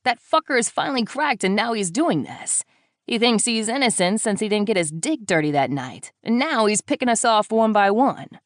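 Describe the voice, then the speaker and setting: A woman with a medium-pitched, natural voice voices a crude young man, pitching above her own voice with big pitch swings at a moderate pace. The character speaks in an angry, emphatic rush of swearing. The studio-quality recording has no echo.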